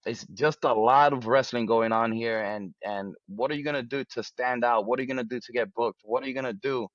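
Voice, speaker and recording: A man's voice: mid-range voice, fairly quick, no room sound, highs cut off. A man as an interview guest, talking casually with many restarts and fillers.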